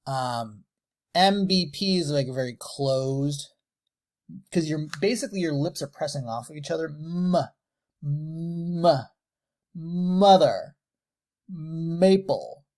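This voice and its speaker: A man teaching animation lip sync, slowly and deliberately sounding out letters and words with exaggerated mouth shapes. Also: fairly high pitch, darkish tone. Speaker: animation tutor. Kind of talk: tutorial, demonstrating mouth shapes on camera.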